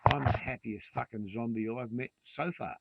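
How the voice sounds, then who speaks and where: An Australian man in his sixties, a vlogger, rants angrily to camera and swears freely. His mid-range voice is gravelly, with fairly even intonation and a moderate pace. The sound is dry and tinny like a phone, with heavy background noise.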